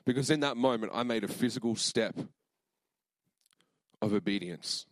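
A man's voice: medium pitch, moderate pace, no echo. A young man preaching a sermon, telling a personal story in a casual, earnest way with many fillers and moments of emotion.

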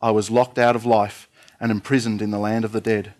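A man's voice: fairly low pitch, flat delivery, a little fast, darkish tone, lightly acted. A man voicing a prophet's earnest prayer of distress, reading it aloud in a fairly plain voice.

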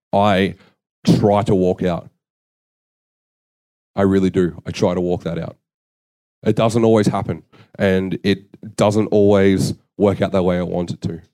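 A man's voice: low-pitched, dark tone. A young man preaching a sermon, earnest and conversational, telling stories against himself. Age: young adult. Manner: conversational, earnest, self-deprecating storytelling.

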